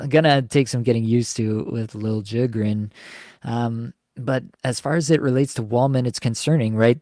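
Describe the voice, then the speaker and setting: Flat-voiced man hosting a podcast. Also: mid-range voice, no echo, studio quality. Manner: measured, analytical, frequent ums and uhs. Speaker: fantasy hockey podcast host. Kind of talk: live podcast analysis and Q&A.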